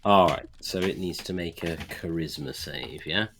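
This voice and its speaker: A man running a tabletop game as game master, calm and measured, with dry humor. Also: sits low, a little hiss or hum.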